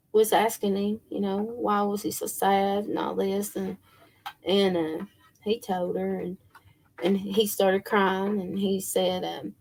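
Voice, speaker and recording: A woman's voice: mid-range voice, creaky, a little mellow. A middle-aged woman chatting casually to viewers, rambling with many fillers and restarts. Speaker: spiritual livestream host.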